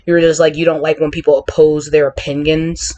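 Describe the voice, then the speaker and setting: A woman's voice: low-pitched, little pitch movement, fairly quick, mellow. A woman hosting a casual conversation, candid and opinionated, talking in a chatty, open way. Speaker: podcast host.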